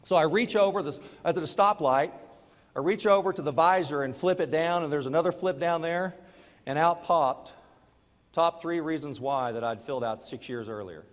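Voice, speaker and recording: A middle-aged man giving a motivational talk to a live audience, telling a personal story and moving between quiet confession and loud urging. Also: a little high, moderate pace, big-room sound. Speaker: network marketing speaker.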